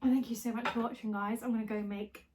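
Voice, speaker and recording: A young woman chats to her camera at home in a bright, high voice. She talks warmly and freely, easily moved and quick to apologise. A faint hiss sits under her voice. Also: steady tone. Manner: chatty, emotional, apologetic. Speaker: lifestyle vlogger. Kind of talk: casual chat to camera.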